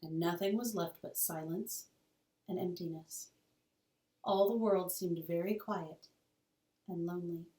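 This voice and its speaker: Woman teacher reading a children's novel aloud, expressive, distant mic, echoey classroom. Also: fairly low pitch, measured pace, long pauses. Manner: expressive, storytelling cadence. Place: school room.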